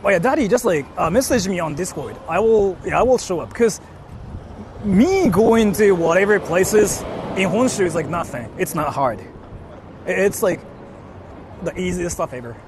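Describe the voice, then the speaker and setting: A young man live-streams from a city street, rambling through viewer questions and leaning on "like" constantly. His voice sits a bit high. A portable mic picks him up with faint street noise behind. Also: lively intonation, normal speed. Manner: rambling, heavy use of "like".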